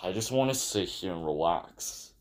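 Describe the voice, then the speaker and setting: A man's voice: low-pitched, expressive, normal speed. A man voicing a stubborn cartoon man who only wants to sit and relax, answering curtly in a fan animation dub. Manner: stubborn, curt.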